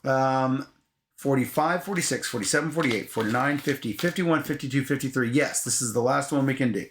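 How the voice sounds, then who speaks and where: A man co-hosting a casual board game playthrough, animated and chatty, reading cards aloud. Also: mid-range voice, fairly quick, a little hiss or hum. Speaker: co-host of board game videos.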